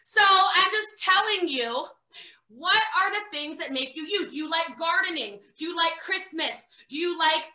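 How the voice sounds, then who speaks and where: A high-pitched, very bright American woman in her thirties, talking fast and bossy as she coaches her viewers through a live training. She jokes as she goes. Her voice rings around a roomy space. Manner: fast, energetic, bossy, joking. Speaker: network marketing trainer. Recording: roomy echo.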